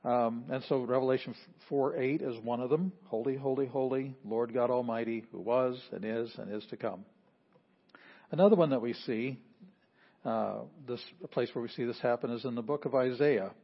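Man, pastor, sermon teaching, explanatory, mid pitch, slightly dull recording. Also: moderate pace. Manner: explanatory, repeats phrases for emphasis, some fillers.

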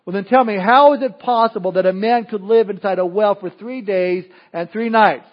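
A booming, scornful older atheist , as a preacher puts him on, firing sarcastic questions in a high, pressing voice. The recording is dull and lo-fi, with the top end muffled. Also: male voice, moderate pace, natural voice. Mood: mocking. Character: older male atheist intellectual, mocking, booming.

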